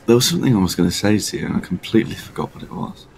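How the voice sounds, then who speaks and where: A man with a British accent co-hosting a gaming video, wry and deadpan. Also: fairly low pitch, very fast, a little hiss or hum, low-quality recording. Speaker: gaming co-host. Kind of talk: casual gaming chat.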